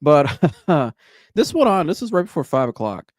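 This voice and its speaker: A man's voice: a little high, big pitch swings, normal speed, no echo, studio quality. A man hosting a podcast, telling a long rambling anecdote in a casual way, with restarts and laughter. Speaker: podcast host. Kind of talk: casual storytelling.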